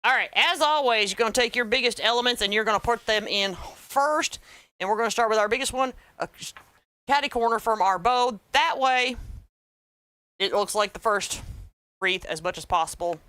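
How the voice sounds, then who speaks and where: A middle-aged Southern woman with a bright, forceful voice, joking her way through a crafting demo. Her sound is close and dry, and she chats with her viewers as y'all. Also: a little high, moderate pace, clean tone, no echo. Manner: wisecracking, folksy, talks to viewers as y'all. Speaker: craft tutorial host. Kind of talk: chatty crafting tutorial.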